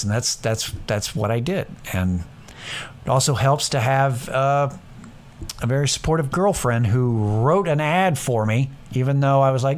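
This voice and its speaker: A man's voice: medium pitch, normal speed. A young man hosting a casual solo podcast, rambling and self-deprecating, swearing freely and acting out what others said. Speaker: podcast host.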